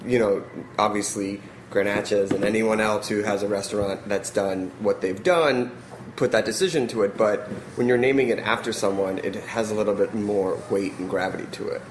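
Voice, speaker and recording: A man's voice: lowish voice, moderate pace, reverberant, noisy background. A man hosting a radio interview, asking long, winding questions. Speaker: radio show host.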